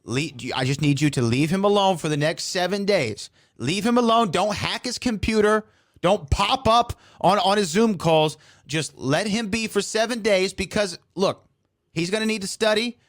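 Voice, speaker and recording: A man's voice: high-pitched, normal speed. A man acting as league commissioner in a scripted comedic segment, placating and repeating himself.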